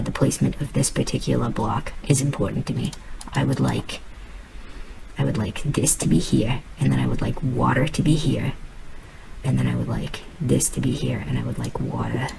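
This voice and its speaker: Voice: medium pitch, vocal fry, very noisy. A host giving casual, rambling commentary while playing a video game, musing aloud in a put-on accent. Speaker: let's play host.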